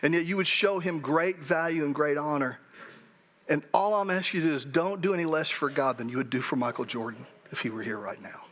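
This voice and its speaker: Man, middle-aged, pastor, high voice, conversational sermon, restarts. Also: a little fast, a bit bright. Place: church sanctuary.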